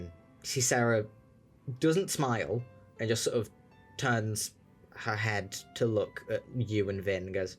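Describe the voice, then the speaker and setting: Relaxed male game master narrating, light background music. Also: on the low side, unhurried. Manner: relaxed, descriptive, with fillers.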